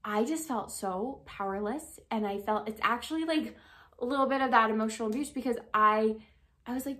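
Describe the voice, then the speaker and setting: A young woman giving relationship advice as a life coach, chatty and animated, full of "like" and "um". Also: a little high, brisk. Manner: chatty, frequent "like" and "um", animated storytelling. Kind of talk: casual advice talk to camera.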